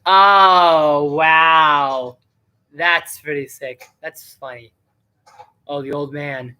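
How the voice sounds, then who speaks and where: A man hosts a loose live stream, chatting to viewers while he reviews a movie. His voice is bright and clear. He rambles and fills his talk with "like" and "um". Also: a little high, steady tone, slow pace. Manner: rambling and chatty, with many fillers. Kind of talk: casual live-stream commentary.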